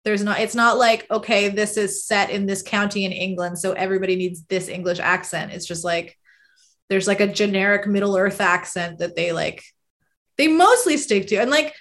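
A woman's voice: medium pitch, moderate pace, a bit bright. A woman in casual conversation, rambling and filling her speech with "like" and frequent laughs. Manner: rambling, heavy use of "like", laughs often. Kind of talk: casual chat.

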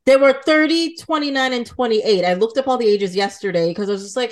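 A woman's voice: a little high, fairly quick. A woman guest on a podcast, talking in an easygoing, matter-of-fact way in a casual movie chat.

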